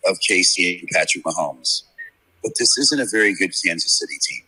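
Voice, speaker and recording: Brief: profane fifties sports bettor, bright forceful voice with husky grit, rambling yarns. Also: male voice, sits low, fairly quick, poor audio. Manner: brash, profane, rambling storyteller. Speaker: sports handicapper guest. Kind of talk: casual podcast chat, storytelling. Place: media row at a sports event.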